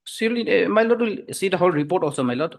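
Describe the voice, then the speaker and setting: A male advocate argues his case in a courtroom, stumbling through fillers and restarts. His voice sits slightly high, and he keeps returning to a deferential "my lord.". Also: lively intonation, very fast, creaky. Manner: hesitant, full of fillers, repeats "my lord" constantly. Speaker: advocate for the government. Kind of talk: courtroom argument.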